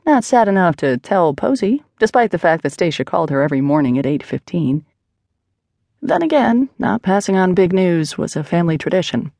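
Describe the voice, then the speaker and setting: A woman's voice: fairly low pitch, darkish tone, dry recording, clean studio sound. A woman narrating an audiobook in a wry, conversational manner. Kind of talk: scripted narration.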